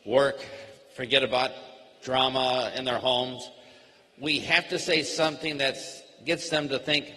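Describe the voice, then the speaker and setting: A man giving a network marketing training, speaking slowly and simply and acting out short sample dialogues. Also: medium pitch, sharp tone. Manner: slow, plainly worded, acts out sample dialogue. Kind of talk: slow, simple teaching talk. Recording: long hall reverb.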